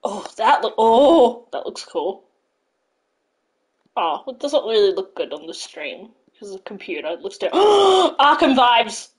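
A woman live-streaming a video game, chatting casually and gushing excitedly to her viewers. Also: mid-range voice, moderate pace, low-quality recording. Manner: gushing, excitable, thanks followers. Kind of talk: casual live-stream chat while playing.

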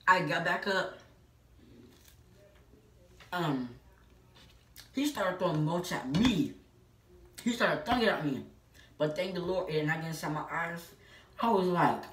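A woman with a low voice tells a personal story to her viewers, emphatic and full of filler "like"s. She sounds some distance from the mic in an echoey room. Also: animated, a little slow, pauses often, a bit bright. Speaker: vlogger. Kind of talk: casual storytelling.

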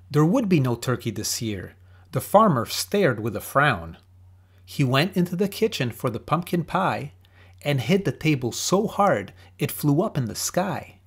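A man narrating a rhyming children's story with a lively, sing-song delivery. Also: a little high, breathy edge.

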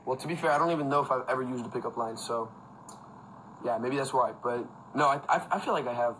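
Streaming from home on his phone with a fan going, a young man chats loosely, laughing often and using lots of fillers. He talks quickly in a medium, slightly bright voice, and the rough recording carries slight background noise.

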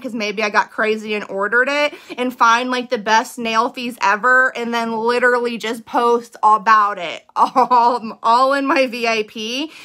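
Chatty, bright-voiced young woman. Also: fairly high pitch. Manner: chatty, full of fillers like "um" and "like"; upbeat and eager. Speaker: direct seller giving business tips. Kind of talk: casual talk to camera.

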